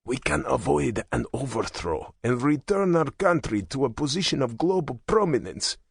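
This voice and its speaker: A man narrating an audiobook voices a fervent hardline male politician, raspy, harsh and impassioned. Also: medium pitch, very animated, normal speed, no echo, clean studio sound, pitched above the performer's own voice, full character voice. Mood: urgent. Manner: impassioned, intense.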